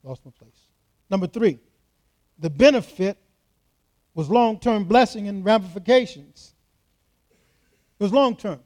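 This is a man pastoring in church, with a voice pitched high for a man. He drives each point home with emphatic repetition. He speaks directly to his congregation. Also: expressive, measured pace, long pauses, darkish tone. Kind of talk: sermon.

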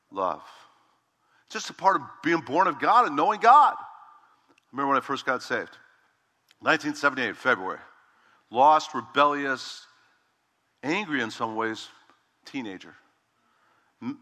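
Bright-voiced middle-aged man preaching in a hall. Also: fairly high pitch. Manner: emphatic preaching, slows and stretches key words. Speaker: pastor. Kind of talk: sermon.

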